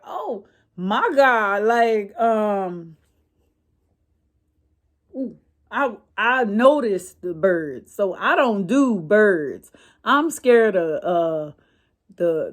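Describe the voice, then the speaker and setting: A woman vlogger telling a story in a casual, chatty way, with many fillers and restarts. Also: fairly high pitch.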